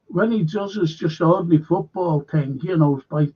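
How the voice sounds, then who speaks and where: A man's voice: on the high side, normal speed, dark tone, slightly rough. A man hosting a casual fan livestream, swearing a lot, rambling, and reading viewer comments aloud. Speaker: livestream host. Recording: dull lo-fi stream audio.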